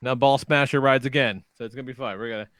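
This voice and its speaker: A man co-hosting a podcast, telling a game story in casual chat, animated and profane, acting out voices. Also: mid-range voice, fast talker, dry recording, studio quality. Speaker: podcast co-host.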